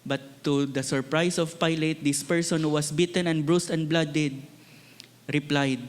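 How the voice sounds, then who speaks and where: Filipino pastor preaching in a hall. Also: male voice, a little high, fairly even intonation, normal speed. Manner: earnest preaching, switching between English and Tagalog, repeating words for emphasis. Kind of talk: sermon. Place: church.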